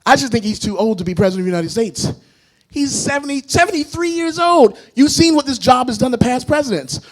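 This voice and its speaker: A man performing a self-mocking stand-up comedy set on a club stage, animated and laughing at his own jokes. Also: very high-pitched, a little fast.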